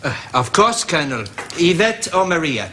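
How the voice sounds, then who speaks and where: An actor playing a harried middle-aged French café owner in a sitcom, with a mock French accent and an exasperated, put-upon delivery. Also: male voice, fairly high pitch, big pitch swings, moderate pace. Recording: noisy old TV sitcom audio.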